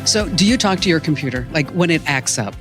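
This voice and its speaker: A woman hosting a tech podcast in casual chat, playful and quick to laugh. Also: low-pitched, expressive, over music. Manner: playful, laughs often, many fillers.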